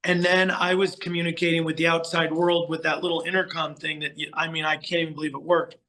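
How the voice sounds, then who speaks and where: A middle-aged man from the United States, a podcast guest telling stories in a chatty, animated way, full of fillers and restarts. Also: a little high, quick pace. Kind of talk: casual storytelling interview.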